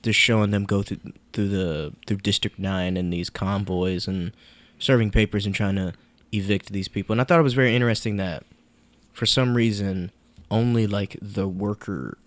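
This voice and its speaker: A man with a lowish voice talks in a laid-back, dry way on a film review podcast. He often restarts his sentences. The sound is close and dry. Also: dry recording. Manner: relaxed, dry humor, halting restarts. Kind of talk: casual chat.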